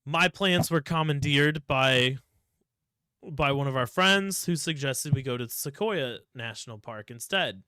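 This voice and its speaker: This Ohio podcast co-host is a young man who rambles through profane stories, cursing often as he chats casually. He speaks a little slowly, his medium-pitched voice smooth yet sharp, captured dry at studio quality.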